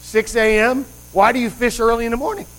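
A man's voice: extremely high pitch, fairly even intonation, a little fast, fairly bright tone, rough recording. A man preaching a conversational sermon, rambling with asides and quizzing the congregation with questions. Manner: rambling with frequent restarts and asides.

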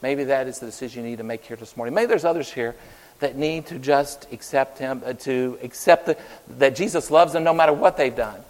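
A man preaching an Easter sermon in an earnest way, rising loud and then falling soft. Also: medium pitch, a little fast, big-room sound, low-quality recording. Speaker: pastor.

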